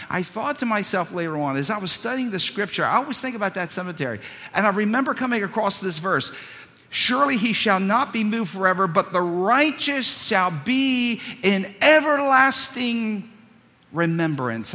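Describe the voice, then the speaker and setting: A male pastor preaching a sermon, telling a story with many repeated words, swinging from loud to hushed. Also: sits high. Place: church sanctuary. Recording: long reverb of a church hall.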